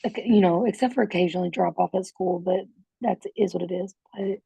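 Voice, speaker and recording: Husky, gravelly mother on a dull call. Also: on the low side, a little fast, mellow, no room sound. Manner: hesitant, rambling, many fillers. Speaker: parent in coaching group. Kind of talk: casual account on a group call. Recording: dull, dry lo-fi call audio.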